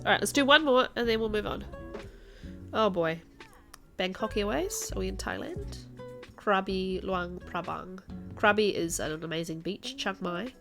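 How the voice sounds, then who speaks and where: A woman's voice: mid-range voice, normal speed, fairly bright tone, soft background music. A woman streaming a guessing game, thinking aloud and chatting to her viewers. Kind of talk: live-stream gameplay chat.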